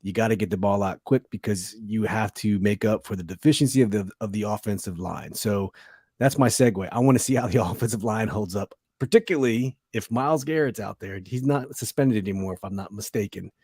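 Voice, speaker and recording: Low-voiced podcast host, dry sound. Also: male voice, fairly quick, darkish tone, breathy edge, dry recording. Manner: affirming, reads out chat names. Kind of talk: casual sports talk.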